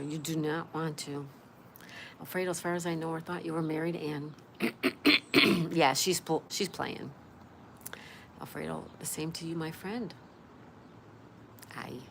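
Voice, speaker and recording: A woman hosting a casual live stream, chatting with her viewers and greeting them by name. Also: low voice. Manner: chatty, greets viewers by name and reads their comments aloud. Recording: clear background noise.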